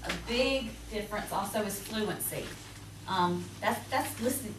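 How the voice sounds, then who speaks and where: Chatty Southern woman teacher, roomy classroom. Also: medium pitch. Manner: chatty, lively, quick to laugh. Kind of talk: presentation to parents. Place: school classroom. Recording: roomy, distant, noisy classroom recording.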